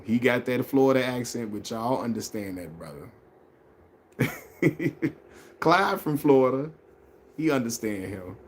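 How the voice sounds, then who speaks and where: A man of middle pitch runs a casual live stream, talking basketball and reading comments out loud. He talks in loose slang, doubles back on his own phrases and laughs often. A faint hiss sits under his voice. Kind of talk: casual sports chat.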